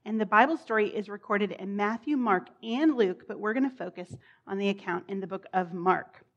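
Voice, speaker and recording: A woman's voice: medium pitch, normal speed, lo-fi sound. A woman preaching a sermon in a chatty, informal way, with laughs and casual asides.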